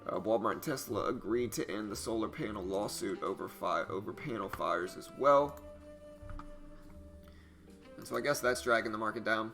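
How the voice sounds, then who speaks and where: A man in his thirties hosting a live trading stream, chatty and loose, getting animated when he tells stories. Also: lowish voice, normal speed, vocal fry. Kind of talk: casual live stream chat and market news. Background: soft jazz music.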